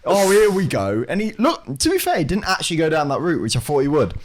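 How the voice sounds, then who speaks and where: A young man with a British English accent, co-hosting a podcast and telling a casual story, animated and sweary, acting out what people said. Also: fairly high pitch, fast talker. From Britain. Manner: animated, sweary, acts out dialogue. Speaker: podcast co-host.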